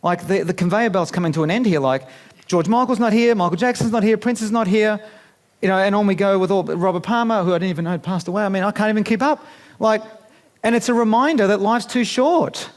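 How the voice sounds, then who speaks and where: A business speaker in his 50s gives a chatty, playful seminar talk in a conference room, asking the live audience questions. His voice sits high and he talks quickly.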